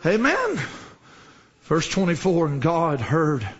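A man preaching a sermon with fervour, rising into shouts and dropping to low, quiet lines. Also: animated, unhurried, muffled recording. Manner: fervent preaching, swinging from shouts to low murmurs.

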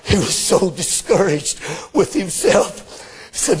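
Male preacher, really high strained voice, slow drawn-out delivery, voice cracking with emotion. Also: big pitch swings, slightly rough. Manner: impassioned, voice breaking with emotion. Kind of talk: sermon.

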